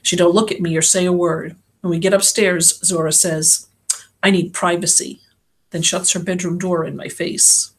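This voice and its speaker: A woman's voice: fairly low pitch, flat delivery, moderate pace, hardly any pauses, breathy edge. A woman reading an audiobook in the first person, telling the story in a plain, slangy girl's voice. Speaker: audiobook reader.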